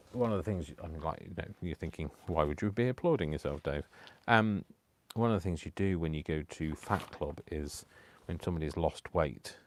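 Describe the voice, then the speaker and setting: Low-voiced man chatting while crafting. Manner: rambling, self-talking, apologetic. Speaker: craft channel host. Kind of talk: casual live crafting chat.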